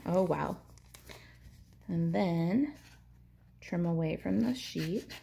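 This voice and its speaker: A woman's voice: fairly low pitch, drawn-out words, vocal fry, warm tone, a little hiss or hum. A woman demonstrating a papercraft project, chatting in an upbeat way as she narrates each hands-on step. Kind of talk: crafting tutorial.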